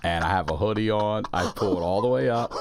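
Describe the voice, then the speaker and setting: A man's voice: fairly low pitch, noisy background. A man on a podcast as guest, chatting casually and laughing easily as he tells stories. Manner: laughs easily, drawn-out story beats. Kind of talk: casual storytelling chat.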